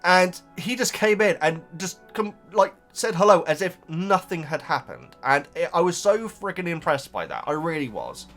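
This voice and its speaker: A man's voice: on the high side, very animated, normal speed, few pauses, a bit bright, faint music behind. A man reading out viewer comments and chatting about them casually, wandering off into tangents and thinking aloud. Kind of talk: casual chat.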